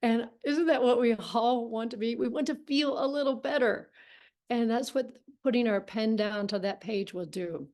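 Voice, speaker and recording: A woman leading a healing writing workshop on a video call, speaking in a gentle, encouraging and reflective way. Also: fairly high pitch, moderate pace.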